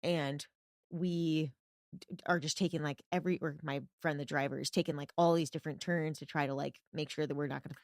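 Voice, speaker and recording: A woman's voice: low-pitched, fairly even intonation, a little fast, no echo, studio quality. A young woman co-hosting a podcast, telling a story in casual chat, full of filler words. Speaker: podcast co-host.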